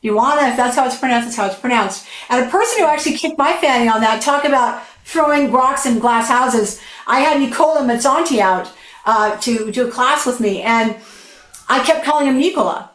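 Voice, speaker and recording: A woman's voice: high-pitched, a little fast, reverberant. A woman teaching a flute masterclass over a video call, chatty and enthusiastic. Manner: chatty, enthusiastic, animated storytelling.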